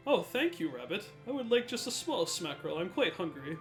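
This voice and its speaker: A mild, polite cartoon bear, put on by a man. The voice is high and quaint in its phrasing. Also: sing-song, a little fast, over music.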